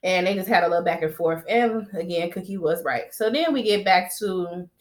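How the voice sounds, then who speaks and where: A woman casually recapping a TV episode, retelling scenes in lively quoted voices with slang and laughter. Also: on the low side, moderate pace. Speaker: TV recap vlogger.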